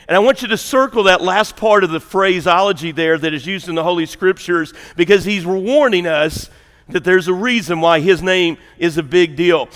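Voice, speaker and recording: A male pastor with a Southern US accent preaching a sermon. He talks in a folksy, joking way and works up to loud, emphatic preaching. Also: fairly high pitch, moderate pace, in a large hall. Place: church sanctuary.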